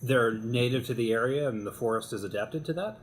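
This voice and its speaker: A man's voice: medium pitch, fairly quick. Hesitant man thinking aloud. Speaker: player.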